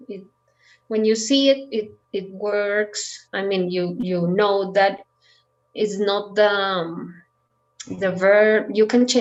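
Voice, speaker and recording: Slow, patient woman teaching Spanish. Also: medium pitch, dull audio. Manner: patient, explains slowly with many fillers. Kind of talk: online language lesson.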